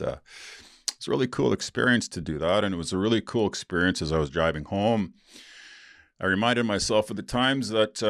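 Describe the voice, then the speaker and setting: A man's voice: on the low side, dry recording, clean studio sound. A middle-aged man hosting a podcast, telling a story in a loose, rambling way with lots of fillers and restarts and some blunt swearing. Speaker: podcast host. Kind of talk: casual storytelling.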